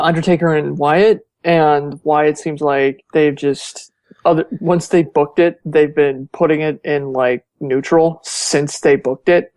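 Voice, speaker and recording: A man's voice: fairly high pitch, no room sound. A man talking animatedly and emphatically as a guest in a casual podcast chat. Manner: animated and emphatic, with frequent laughs and restarts.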